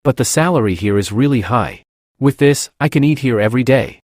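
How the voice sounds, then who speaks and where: A man's voice: medium pitch, expressive, fairly quick, darkish tone, no echo, clean studio sound, natural voice. A man voicing a dramatic, food-loving young woman in a recap story, exclaiming as she talks.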